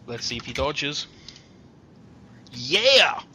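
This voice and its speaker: Bright-voiced man running a tabletop game. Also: mid-range voice, animated, normal speed, a little hiss or hum. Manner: casual, chatty, hums while looking up rules. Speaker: game master.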